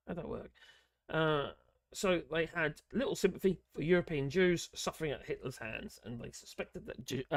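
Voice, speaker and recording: A man with a somewhat high voice reads an article aloud, stumbling over words and filling gaps with many ums. He breaks off for sarcastic asides as a political channel host. The sound is dry and close. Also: no echo. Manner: halting reading, many fillers, sarcastic asides. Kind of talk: reading an article aloud with commentary.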